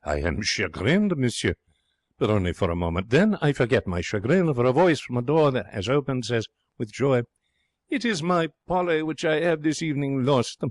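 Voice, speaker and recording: A man reading an audiobook, voicing an excitable, romantic young Frenchman who tells his tale in broken English. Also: medium pitch, moderate pace, no room sound. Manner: theatrical, broken English phrasing. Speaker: audiobook narrator.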